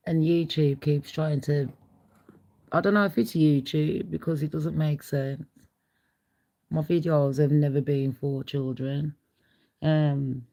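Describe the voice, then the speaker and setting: Slow, gravelly woman chatting on stream. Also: deep voice, warm tone, rough recording. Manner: chatty, blunt, laughs often. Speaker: livestream host. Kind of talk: casual livestream chat.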